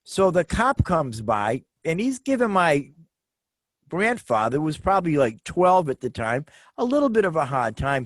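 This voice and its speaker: A middle-aged man co-hosting a casual chat, telling family stories in an animated way and repeating words for emphasis. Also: mid-range voice, moderate pace, no room sound. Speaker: co-host.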